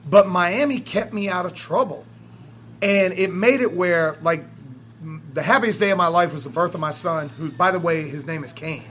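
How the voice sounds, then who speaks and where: A man in his forties from South Florida, talking sports with a high, bright voice. He is profane and fired-up, and he climbs into shouts when the rivalry comes up. A faint ambience sits under him. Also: normal speed, a little hiss or hum. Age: 40s. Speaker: radio host. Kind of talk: animated sports talk.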